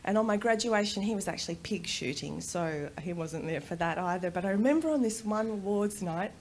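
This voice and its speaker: A middle-aged Australian woman giving a personal storytelling talk at a conference, animated and quick to laugh. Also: medium pitch, a little hiss or hum. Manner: animated, laughs often, acts out voices in quotes. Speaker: conference speaker. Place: conference room.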